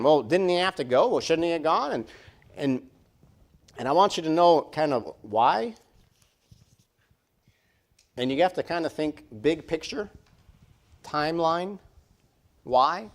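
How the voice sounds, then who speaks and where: A man's voice: on the high side, lively intonation, a little slow, pauses often. A man preaching a sermon in a church, conversational and repetitive, full of rhetorical questions. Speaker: pastor. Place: church sanctuary.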